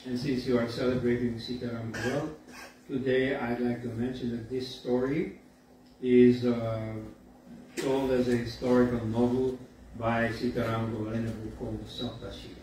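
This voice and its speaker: A man giving a university lecture in a storytelling way, often pausing with fillers and asides like "you see.". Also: mid-range voice, level tone. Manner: conversational, frequent "you see" and filler pauses. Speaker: guest lecturer. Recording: echoey hall from far off, faint background noise.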